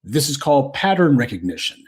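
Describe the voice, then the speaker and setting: A man's voice: medium pitch, sing-song, fairly quick, breathy edge. A man with a Southern American accent, hosting a commentary show and delivering an indignant, scornful monologue. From United States.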